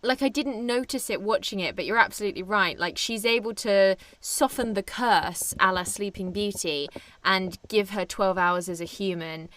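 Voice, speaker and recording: A woman's voice: medium pitch, normal speed, fairly bright tone. A young woman co-hosting a film podcast, chatting casually and enthusiastically, laughing often. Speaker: podcast co-host.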